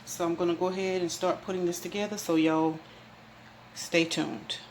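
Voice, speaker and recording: Her voice sits fairly low and moves little in pitch, at an ordinary speed. She's a cooking channel host filming herself with a camera mic, chatting folksily to viewers as she demonstrates a recipe in her small home kitchen. The recording is echoey, with background noise audible.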